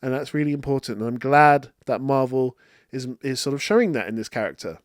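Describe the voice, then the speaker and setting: A man hosting a casual movie review show, animated and quoting characters in a raised voice, with hay fever that keeps him coughing. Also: medium pitch, brisk, no echo, studio quality. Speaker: film review host.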